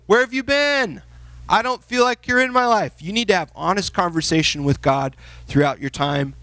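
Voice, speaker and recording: Casting: man in his thirties, youth pastor, lively conversational sermon, a little high-voiced. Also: no echo. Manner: conversational, animated, acts out quotes.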